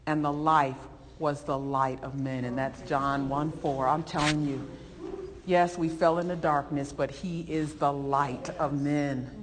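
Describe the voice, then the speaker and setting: A woman's voice: sits low, a little hiss or hum. Woman preacher delivering an emphatic sermon, recorded with long reverb in a hall. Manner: animated, emphatic, voices rising with feeling. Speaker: preacher teaching a Bible lesson.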